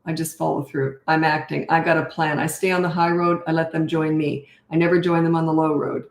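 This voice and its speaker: An older woman, her voice a little low for a woman and fairly flat in pitch, briskly answers viewers' questions as a parenting coach in an echoey room. In this live Q&A she reads and responds to comments in a casual, chatty, blunt way, full of "um" and "you know."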